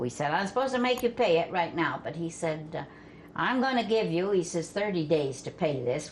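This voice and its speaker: An older woman from Vermont telling family stories in a folksy way, laughing as she goes and dropping her voice low for the men she quotes. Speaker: storyteller guest. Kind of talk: family storytelling. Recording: faint background noise.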